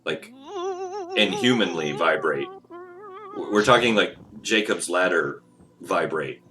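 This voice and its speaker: Deep-voiced laughing game master. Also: male voice, animated, takes it slowly, a crowd in the background. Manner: laughs often, amused. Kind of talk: narrating a tabletop game.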